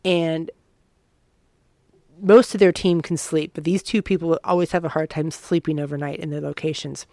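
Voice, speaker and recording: A woman's voice: low-pitched, fairly even intonation, normal speed, darkish tone, no room sound, clean studio sound. A woman co-hosting a ghost story podcast, telling a haunting tale in a casual, earnest way. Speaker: podcast co-host.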